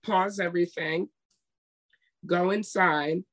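A woman's voice: lowish voice, fairly even intonation, slow pace. Emphatic woman co-hosting a chat. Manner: emphatic, retells scenes with quoted voices. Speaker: podcast co-host. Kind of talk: casual chat, storytelling.

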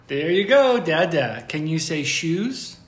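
A young father hosting a casual podcast, gently and patiently coaxing his toddler to say words. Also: fairly high pitch, big pitch swings, takes it slowly, echoey room. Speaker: podcast host.

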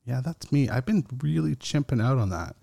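A man hosting a casual solo podcast, talking slowly and rambling with fillers and chuckles. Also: medium pitch, lively intonation, creaky, warm tone, dry recording. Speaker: podcast host.

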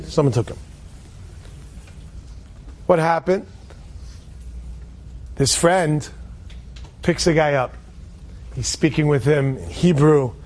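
Man, high voice, casual inspirational storyteller, loose and restarting, Hebrew words sprinkled in. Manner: conversational, with frequent restarts and Hebrew and Yiddish terms.

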